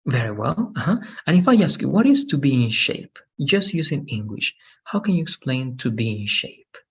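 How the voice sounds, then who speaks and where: A man teaching English over a video call, his husky voice coming through slightly dull and lo-fi. He is patient and keeps checking in with the student. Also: medium pitch, sing-song, moderate pace. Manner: patient, checks in with "right?" often. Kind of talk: online English lesson.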